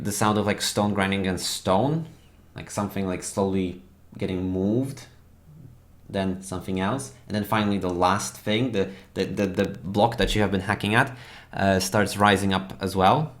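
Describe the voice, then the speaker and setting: A man narrating as dungeon master for a tabletop game, halting and full of fillers. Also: fairly low pitch, fairly even intonation.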